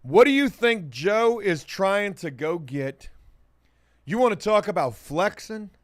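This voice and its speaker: A man with a high-pitched voice, hosting a casual livestream and chatting with viewers. He jokes around, hyping things up loudly and then dropping into quiet mumbled asides, all in a dry, close sound. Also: expressive, takes it slowly, no room sound. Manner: joking, swings between loud hype and muttered asides. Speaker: livestream host. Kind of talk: casual livestream chat reading comments.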